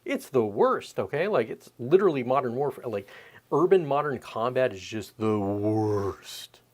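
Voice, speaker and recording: A man in his thirties hosting a podcast, ranting in a profane, animated, rambling way. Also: medium pitch, unhurried. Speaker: podcast host. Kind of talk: casual opinion rant.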